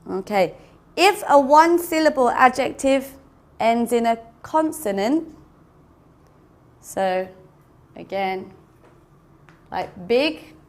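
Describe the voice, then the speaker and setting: Speaking slowly with long pauses, a woman with a fairly high, animated voice walks through English grammar. She explains patiently like a teacher in class, says words more than once and spells the endings out one letter at a time.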